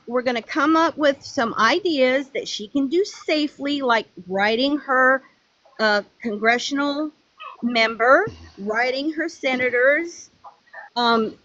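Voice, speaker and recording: Slow high-voiced older woman, halting. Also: fairly bright tone, no room sound, muffled recording. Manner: halting, restarts often. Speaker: panel caller. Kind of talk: heated panel discussion.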